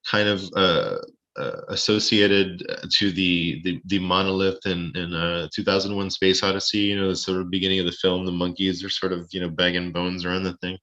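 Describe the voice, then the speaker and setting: A man's voice: low-pitched, steady tone, moderate pace, sharp tone, lo-fi sound. A man being interviewed over a live stream, chatty and rambling, with lots of restarts and joking asides. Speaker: space-tourism lodging owner.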